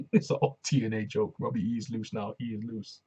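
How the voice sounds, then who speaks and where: A man casually reviewing a wrestling show alone, slangy and excitable, often repeating himself. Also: lowish voice, moderate pace, slightly rough, highs cut off.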